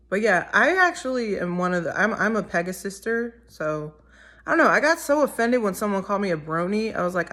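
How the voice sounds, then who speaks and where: A woman's voice: mid-range voice, lively intonation, moderate pace, a bit bright. A teenage girl and singer-songwriter chatting casually, rambling and often correcting herself mid-sentence. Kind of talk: casual chat.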